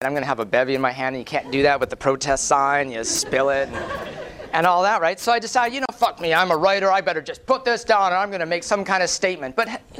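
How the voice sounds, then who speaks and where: Man, conference speaker, high voice, rapid pace, animated storytelling, profane. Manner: animated, profane, tag questions like "right?"; acts out quoted voices. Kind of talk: lively storytelling presentation.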